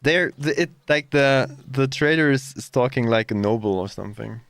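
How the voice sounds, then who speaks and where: A man's voice: medium pitch, moderate pace, gravelly, a bit bright, no room sound. A German man with a German accent streaming a game live, rambling and hesitant as he mocks the dialogue. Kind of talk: live gameplay commentary.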